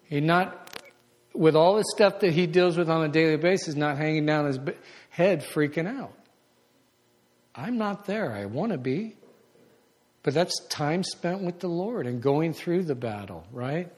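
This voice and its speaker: A man preaching a conversational sermon, animated and acting out the voices of people he quotes. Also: a little high, a little slow. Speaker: pastor. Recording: long hall reverb.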